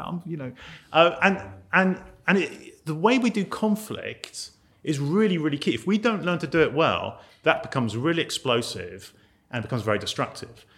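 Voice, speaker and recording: A man's voice: a little high, lively intonation, moderate pace, a bit bright. A British man giving a conversational teaching talk on ministry to a group in a meeting room. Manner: conversational, acts out quoted voices. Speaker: ministry trainer.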